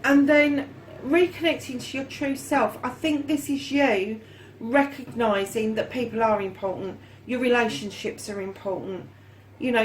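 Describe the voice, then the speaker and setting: A woman's voice: fairly high pitch, a little hiss or hum, low-quality recording. Chatty woman reading tarot. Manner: chatty, addresses viewers as darlings and lovelies; swears casually. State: hot and yawning. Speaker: tarot reader. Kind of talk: casual tarot reading to camera.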